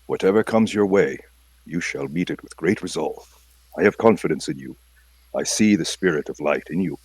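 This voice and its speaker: A man voicing a fastidious, calm male mystic inspector who speaks in a measured, formal way. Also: low-pitched, no echo. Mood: earnest. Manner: measured, formal, gently wise.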